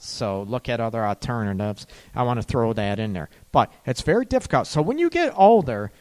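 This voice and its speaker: A man's voice: mid-range voice, sing-song, fairly quick, hardly any pauses, darkish tone. A middle-aged man giving casual, rambling relationship and sex advice, now and then acting out worried voices.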